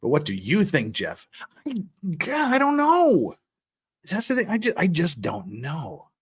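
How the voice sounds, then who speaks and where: His high, husky voice moves at a measured pace. The American man runs a relaxed livestream, going through chat and rambling energetically, with lots of chuckles and restarted words.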